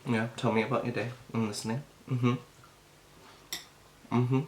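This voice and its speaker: Eating through a mukbang video, a young man rambles casually, full of fillers and speaking with his mouth full. He uses a mid-range voice with a flat delivery, a little slow, and the echoey room adds slight hiss or hum.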